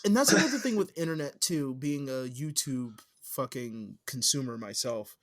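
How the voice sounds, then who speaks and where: This is a podcast co-host making crude jokes in casual banter, with plenty of swearing along the way. The voice swoops up and down a lot, giving it a lively, animated sound. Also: medium pitch, normal speed. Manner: crude, profane joking banter. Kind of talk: casual chat.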